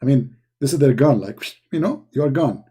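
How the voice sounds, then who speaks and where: A man's voice: mid-range voice, lively intonation, brisk, dark tone, husky. A man hosting a live chat, talking in a sarcastic, mocking way with broken grammar. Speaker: chat show host. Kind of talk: casual live-chat monologue.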